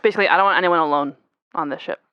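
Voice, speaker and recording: A woman's voice: fairly low pitch, rapid-fire, clean tone, no room sound, dull audio. Blunt, commanding woman giving orders. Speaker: player. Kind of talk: in-character game talk.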